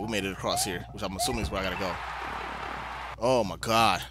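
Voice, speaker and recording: A young man giving casual commentary while playing a video game, talking to himself in exasperated mutters. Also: mid-range voice. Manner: talkative, exasperated muttering, playful drawl. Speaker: let's play gamer. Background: game music.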